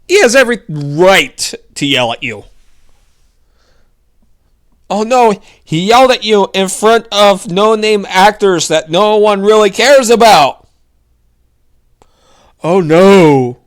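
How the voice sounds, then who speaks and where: A man's voice: high voice, expressive, slow, long pauses. Young male host, casual political rant, sarcastic, mocking, loose and rambling.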